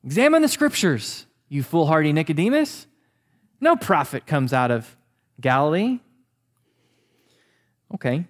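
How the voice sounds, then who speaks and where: A man in the pulpit, a pastor, preaching an animated, conversational sermon with many restarts. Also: sits high.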